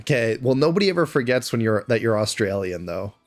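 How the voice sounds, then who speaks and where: In a sing-song, fairly quick voice of medium pitch, a Canadian man chats on his live stream with faint music playing behind him. He casually answers chat questions aloud between game moments.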